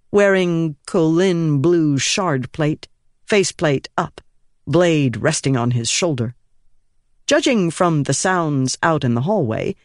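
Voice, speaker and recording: A man reading an audiobook in measured scripted narration, giving each character a voice. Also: on the high side, dry recording, studio quality.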